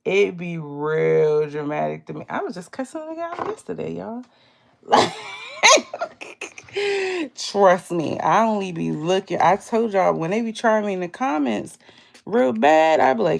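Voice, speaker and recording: A young woman tells a candid story to her viewers, her voice sitting low with a deep gravelly fry. She laughs often and slips into livelier voices when quoting herself. The talk is loose, blunt and casual. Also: lively intonation, normal speed, darkish tone. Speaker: beauty vlogger.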